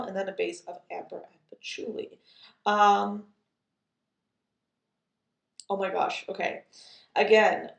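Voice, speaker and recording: A woman's voice: mid-range voice, creaky, reverberant. A woman chatting casually as a perfume reviewer, amused and full of fillers and asides. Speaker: fragrance reviewer. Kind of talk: casual chat.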